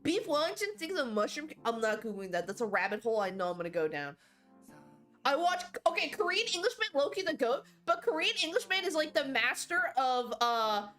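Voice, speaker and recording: Chatty high-voiced young woman streamer. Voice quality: chatty, animated, swears freely. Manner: talks to chat, frequent fillers and restarts. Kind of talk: casual live-stream chat.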